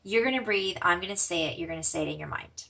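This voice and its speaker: A woman teaches simple breathing exercises in a gentle, reassuring way. Her voice is bright with a gravelly edge. She sounds a little distant from the microphone. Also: lowish voice. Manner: gentle, slows and softens for mantras, fades to whispers. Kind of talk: guided breathing lesson.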